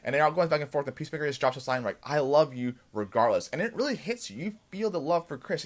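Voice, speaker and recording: Man, show host, casual episode recap, animated retelling, mid-pitched voice. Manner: excited storytelling recap, acts out characters' lines.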